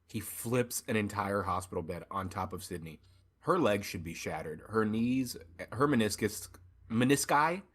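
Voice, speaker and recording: Low-voiced man joking through a movie recap. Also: fairly bright tone. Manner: joking, does mocking voices of characters. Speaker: podcast co-host. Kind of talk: casual movie review chat.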